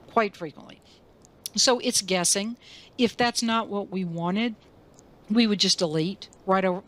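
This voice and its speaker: A woman instructor talking through a software tutorial in a chatty way, asking rhetorical questions and making self-deprecating asides. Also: medium pitch. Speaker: college instructor. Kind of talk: screen-recorded software tutorial.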